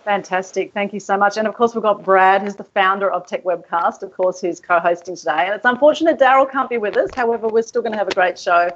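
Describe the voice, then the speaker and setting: A woman's voice: mid-range voice, quick pace, few pauses, muffled recording. Effusive Australian woman hosting. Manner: effusive, chatty. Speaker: podcast host. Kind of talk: casual podcast chat. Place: holiday resort, remote call.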